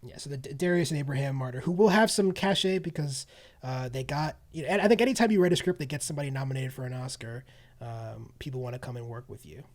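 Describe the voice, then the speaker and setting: A man's voice: medium pitch, fast. A man co-hosting a movie podcast in casual chat, rambling and restarting his sentences, laughing easily. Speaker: podcast co-host.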